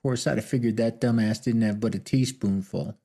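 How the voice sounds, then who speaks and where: A man's voice: lowish voice, steady tone, moderate pace, mellow. A man voicing a cocky young Old West outlaw who mocks his friends in a drawling frontier way. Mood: mocking. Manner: drawling, teasing frontier talk.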